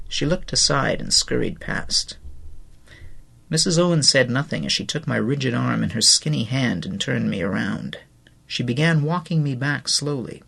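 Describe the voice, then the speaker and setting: Gravelly, expressive male audiobook narrator. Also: medium pitch.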